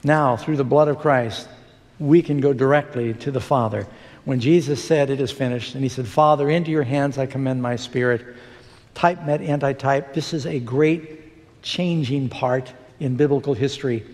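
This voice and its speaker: A man's voice: mid-range voice, moderate pace, a little mellow. A man preaching a sermon in a church, earnestly pleading with the congregation to respond. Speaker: pastor. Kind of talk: sermon with altar call and prayer. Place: church sanctuary. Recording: long hall reverb with music underneath.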